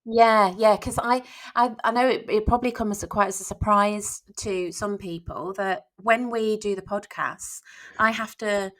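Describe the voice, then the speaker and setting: A woman's voice: medium pitch, fairly even intonation, unhurried, a bit bright. A woman with a northern English accent, chatting casually as a podcast guest about her writing, with frequent restarts. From northern England. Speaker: crime novelist, podcast guest. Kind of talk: casual chat.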